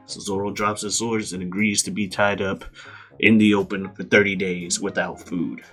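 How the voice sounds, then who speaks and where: A man's voice: deep voice, moderate pace, faint music behind. A man recapping a story casually, with lots of swearing and laughter. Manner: profane, laughing, animated. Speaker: series host.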